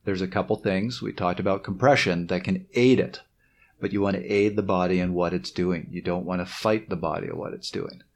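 Man, gravelly voice, lowish pitch, podcast co-host, steady summary. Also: brisk, a little hiss or hum. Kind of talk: casual podcast chat.

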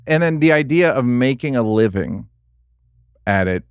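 A man's voice: medium pitch, lively intonation, normal speed, clean tone, no echo, studio quality. A man interviewing a guest, asking curious follow-up questions. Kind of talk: casual interview.

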